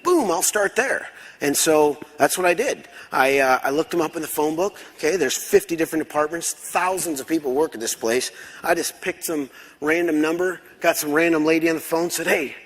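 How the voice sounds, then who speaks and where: A man's voice: a little high, a little fast. A man telling a story as a conference speaker, acting out dialogue in different voices. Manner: animated, acts out dialogue. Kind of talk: storytelling keynote talk. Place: large conference hall. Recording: long hall reverb.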